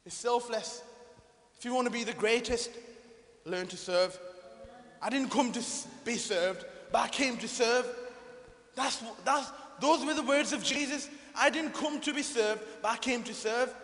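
A man preaching a sermon, swinging from loud proclaiming to hushed, quiet lines. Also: very high voice, unhurried. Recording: echoey hall.

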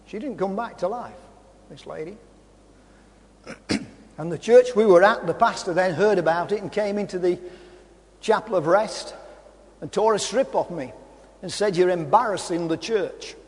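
A high-pitched man preaches with fervour, his voice swelling into shouts at the peaks. A long reverb hangs behind him, as in a large hall. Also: measured pace, pauses often. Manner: impassioned, rising to shouts. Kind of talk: sermon.

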